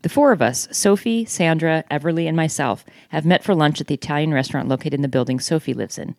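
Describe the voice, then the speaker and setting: A woman's voice: low voice, fast, darkish tone, no room sound, clean studio sound. A woman co-hosting a casual show, reading a novel aloud and breaking off to joke and laugh. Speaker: podcast co-host.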